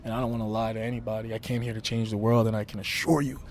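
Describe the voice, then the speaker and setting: New guy, young, loud and defiant wrestler talk, fast, faint outdoor noise behind. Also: fairly low pitch, little pitch movement. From Brooklyn, New York. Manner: brash, emphatic, defiant. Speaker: wrestler guest. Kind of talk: interview talk.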